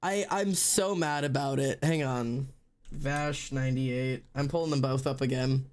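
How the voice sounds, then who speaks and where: Slow-talking woman ranting in mock despair. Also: extremely low pitch, darkish tone. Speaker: streamer. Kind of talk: casual live-stream chat.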